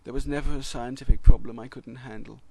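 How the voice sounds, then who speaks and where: A man's voice: mid-range voice, steady tone, fast, creaky, darkish tone, breathy edge, voice pushed up. A man voicing a frail, wheezing old programming language that mourns its glory days. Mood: wistful. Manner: weary, self-pitying, grandly nostalgic.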